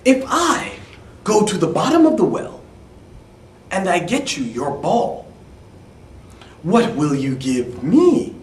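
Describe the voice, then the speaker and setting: A man doing an eager fairy-tale frog, slow and loud. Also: sits high, big pitch swings, a little hiss or hum, voice pushed up, exaggerated voice. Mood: bargaining. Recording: echoey room, mic at a distance.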